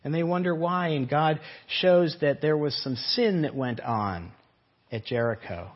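A man's voice: on the high side, lively intonation, a little slow. A man preaching a sermon in an earnest way, often asking rhetorical questions. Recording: dull lo-fi recording.

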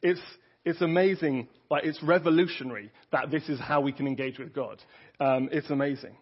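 Earnest, husky-voiced man preaching. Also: fairly high pitch, fairly even intonation, brisk. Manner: earnest, conversational, with frequent restarts. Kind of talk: sermon. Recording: dull lo-fi audio.

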